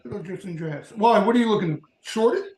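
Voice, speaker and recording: A man's voice: high voice, lively intonation, a little fast, a little mellow, reverberant. A man on a live trading stream calling out market moves with dry jokes.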